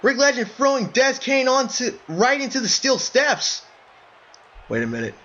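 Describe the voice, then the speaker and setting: A man calls a wrestling match play by play in a high, bright voice, keeps breaking into shouts of surprise and speaks to his listeners as folks. The recording is dull and lo-fi, with faint hiss behind him. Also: very animated, moderate pace. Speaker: play-by-play commentator. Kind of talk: excited wrestling commentary.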